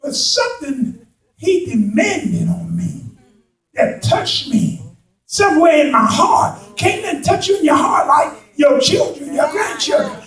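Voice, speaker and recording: A man preaching a sermon to a responding congregation, building from slow talk into impassioned shouts with folksy turns of phrase. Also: very high-pitched, very animated, gravelly. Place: church sanctuary. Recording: echoey hall, voice from a distance.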